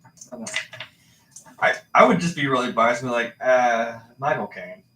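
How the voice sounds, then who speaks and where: A man's voice: mid-range voice, fairly quick, pushed and bright. A man in casual chat on a livestream, rambling and laid-back, swearing now and then. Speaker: livestream co-host. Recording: roomy, distant mic with faint noise.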